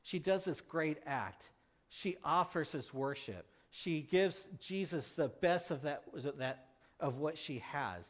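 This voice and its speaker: A man preaching a conversational sermon, animated, asking his listeners questions and acting out the people in the story. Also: fairly high pitch, takes it slowly. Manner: animated, asks the congregation questions; acts out quoted voices, with frequent restarts.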